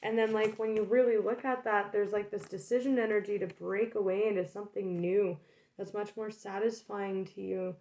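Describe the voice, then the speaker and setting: A woman's voice: medium pitch, steady tone, normal speed, darkish tone. A young woman casually talking through a tarot reading, chatty, with many "like"s and "right?"s. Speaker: tarot reader.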